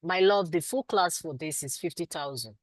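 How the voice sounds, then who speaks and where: A Nigerian woman with a lowish voice leads a live online class, calling her students sweetie and my love. She is warm toward them but firm that they must do their assignments. Her voice sounds dry and close, with no room echo. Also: moderate pace. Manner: firm, insistent teacher. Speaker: instructor.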